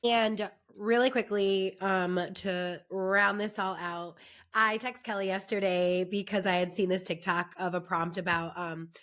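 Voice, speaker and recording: Chatting casually as a podcast co-host, a young adult woman tells stories full of fillers and says "like" a lot. Her voice is worn because she lost it from lack of sleep, yet it stays medium-pitched and fairly bright, with fairly even intonation at an unhurried pace.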